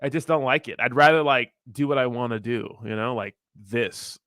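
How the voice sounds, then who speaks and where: A man's voice: mid-range voice, moderate pace, a bit bright, no room sound, clean studio sound. Laid-back, foul-mouthed man in his thirties. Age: 30s. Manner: rambling, profane, laid-back, laughs often. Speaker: crypto streamer reading chat. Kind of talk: casual livestream chat.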